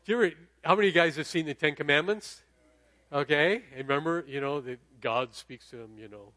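A man's voice: on the high side, brisk, pushed and bright, no echo. Conversational man preaching a sermon. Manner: conversational, checks in with the audience. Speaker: pastor.

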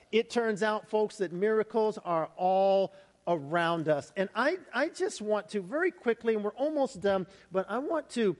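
High-voiced pastor preaching in a big hall. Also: male voice. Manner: conversational storytelling, animated retellings. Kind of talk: sermon. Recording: hall reverb.

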